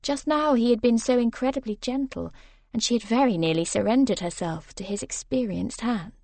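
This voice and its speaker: Woman reading a romance audiobook, soft steady delivery, dry close sound. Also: a little high, moderate pace, dry recording. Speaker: audiobook narrator. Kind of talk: romance novel narration.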